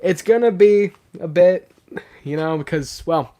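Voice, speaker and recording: A young man chats casually on a live stream and reads the chat aloud, his voice rougher than usual because he's sick. Chatty and excitable, he uses lots of fillers, and his voice sits high while he talks a little slowly.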